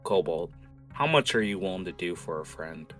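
A worn-down guard captain speaks bluntly in a deep, low voice, as a man acts him out at the game table. His tone is bright and forward despite the depth, and he curses when pressed. Faint music runs behind. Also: lively intonation, moderate pace. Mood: grim. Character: weary, grim male city guard captain.

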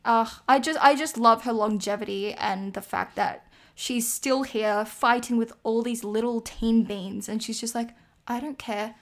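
A woman co-hosting a podcast, chatting casually and laughing between quick asides. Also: a little high, fairly even intonation. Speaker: podcast co-host. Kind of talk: casual chat about figure skating.

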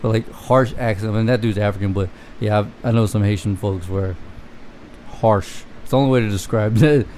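A man's voice: on the low side, fairly quick, warm tone. Man, casual chat, cursing and laughing, quotes others in put-on voices, faint hiss behind. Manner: profane, laughing, acts out quotes.

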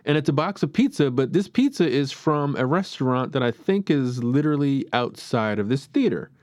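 A man's voice: medium pitch, lively intonation, normal speed, darkish tone, no echo, clean studio sound. A man hosting a podcast, giving a chatty, rambling film review and openly airing his opinions. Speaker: podcast host. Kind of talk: casual film review monologue.

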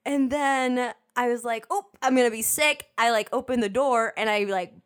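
A woman's voice: fairly high pitch, normal speed. A young woman telling funny stories in casual chat as a co-host, laughing often and swearing freely. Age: young adult. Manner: laughs often, loose and profane.

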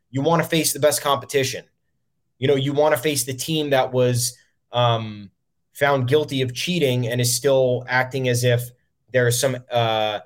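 A man hosting his own sports podcast, ranting in a loose, unscripted flow. He fills pauses with plenty of ums and drops the odd curse when annoyed. His pitch sits in an ordinary middle range for a man. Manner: frustrated, swearing, many ums. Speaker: podcast host. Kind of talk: solo sports podcast commentary.

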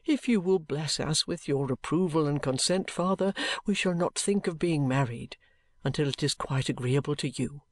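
A reader doing a meek young son, soft and pleading. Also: mid-range voice, no echo, lightly acted. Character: meek young man, dutiful submissive son. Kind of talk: audiobook character reading.

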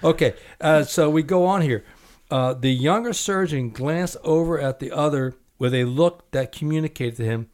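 A man's voice: on the high side, normal speed, a little mellow. Man hosting and reading book passages. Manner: conversational, reading passages with emphasis. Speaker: podcast host. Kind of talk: interview and reading aloud from a book.

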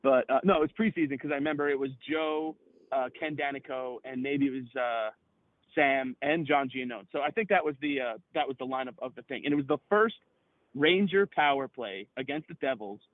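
A man in casual sports chat on a podcast, excitable and profane, rambling with lots of fillers. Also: mid-range voice, a little fast, no echo. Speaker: podcast co-host. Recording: tinny phone-like line.

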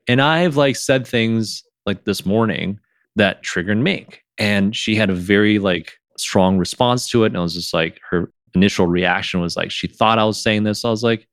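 A man hosting a podcast in casual conversation, who reenacts his own past lines in a livelier, higher voice. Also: moderate pace, a bit bright, no room sound, clean studio sound. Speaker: podcast host.

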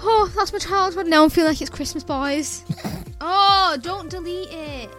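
A young woman in a casual, sweary chat, excitable and gushing as she plays along with a quiz. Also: very high-pitched, moderate pace, faint music behind. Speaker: podcast co-host, quiz contestant.

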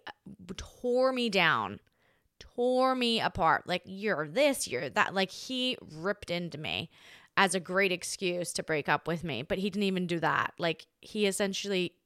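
A young woman tells a story on her podcast, chatty and animated, acting out the voices of the people she quotes. Her voice is smooth and clear, and the recording is very dry and close. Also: mid-range voice, no room sound. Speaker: podcast host. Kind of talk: casual storytelling monologue.

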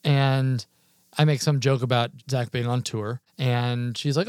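A man hosting a casual podcast, an animated storyteller who acts out the voices of the people in his anecdotes. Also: mid-range voice, fairly quick, clean tone, dry recording, clean studio sound. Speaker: podcast host, musician. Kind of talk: casual chat.

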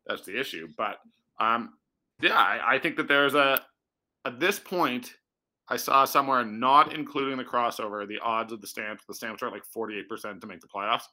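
Male sports reporter, casual chat, very bright and tense voice, hedges and restarts often. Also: mid-range voice, moderate pace, poor audio. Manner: thinks aloud with many fillers and restarts.

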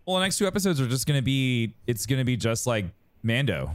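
A man's voice: medium pitch, animated, fast talker, dry recording. A man co-hosting a podcast, rambling in casual chat with many restarts and fillers. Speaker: podcast co-host.

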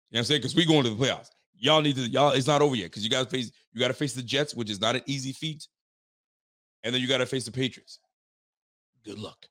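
A young man hosting a casual sports fan livestream, reading viewer messages and talking in excited slang with frequent restarts. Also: medium pitch.

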